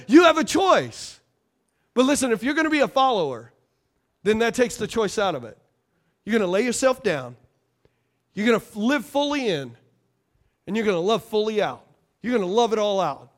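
A man with a strikingly high voice delivers a sermon. He leads the congregation in call-and-response, jokes along the way and repeats key phrases for emphasis. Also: sing-song, moderate pace, pauses often, fairly bright tone. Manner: call-and-response, playful preaching with laughs. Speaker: pastor.

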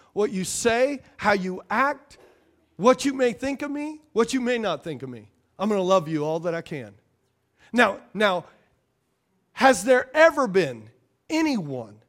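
A man with a strikingly high voice delivers a sermon. He leads the congregation in call-and-response, jokes along the way and repeats key phrases for emphasis. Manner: call-and-response, playful preaching with laughs. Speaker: pastor.

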